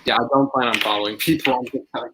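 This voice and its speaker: A young man hosting a live stream, chatting in a relaxed, easygoing way with a few hesitations. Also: mid-range voice, fast talker, noisy background. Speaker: channel host. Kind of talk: casual chat.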